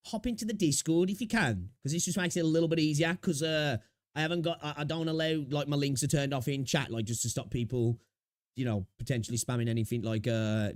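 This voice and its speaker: A man's voice: mid-range voice, no room sound, clean studio sound. A young man chatting casually on a live stream, reacting to videos, talking to his chat with slang and frequent laughs.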